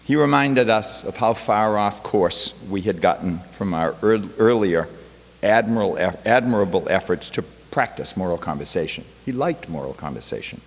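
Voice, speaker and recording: A male professor, invited as a guest speaker, gives a talk in a college chapel and tells a story from his classroom with wry quoted asides. His voice sits on the low side, with lively intonation at a normal speed. The recording carries a long hall reverb.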